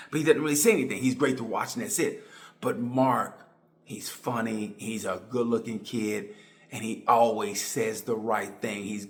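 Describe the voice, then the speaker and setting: A middle-aged man talks in a loose, rambling monologue, excitable and tongue in cheek. His voice sits on the low side and he keeps circling back to his points. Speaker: motorcycle racing commentator. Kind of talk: casual monologue.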